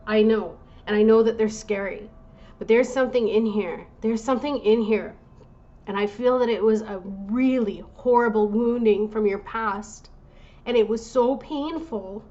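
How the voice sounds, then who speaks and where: A woman giving a tarot reading to her viewers in a gentle, reassuring way, now and then breaking off to apologize. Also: mid-range voice, dull audio. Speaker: tarot reader.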